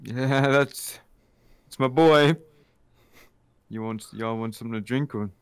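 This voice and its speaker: A man's voice: mid-range voice, measured pace, clean tone, dry recording, close to an everyday voice. A man playing a chummy, doting dad. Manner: folksy, overbearingly friendly.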